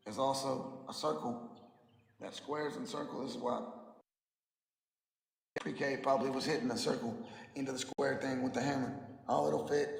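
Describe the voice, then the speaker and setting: A man's voice: mid-range voice, creaky, roomy sound, in a large hall, low-quality recording. A man giving a combative, mocking livestream rant, his voice worn out. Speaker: flat earth streamer. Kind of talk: ranting livestream monologue.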